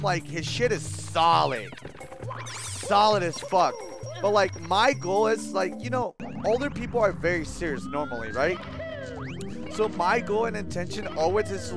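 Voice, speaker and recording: A man chatting casually while he streams a video game, telling stories in an animated, profane way. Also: high voice. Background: game music.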